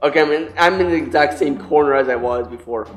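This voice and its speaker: A man's voice: a little high, quick pace, roomy sound, over loud music. A man hosting a let's-play, yelping, shrieking and laughing in mock terror as he is chased. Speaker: gaming channel host. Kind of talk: panicked let's-play commentary.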